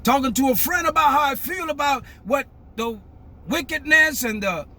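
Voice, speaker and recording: An older man, giving a fiery, emphatic monologue that breaks into shouting. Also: very high-pitched, moderate pace. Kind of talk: impassioned monologue.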